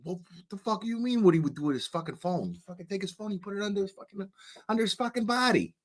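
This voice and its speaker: A man's voice: sits high, animated, quick pace. A man voicing a drunk male conspirator with a New York accent, giving crude, bossy, profane orders.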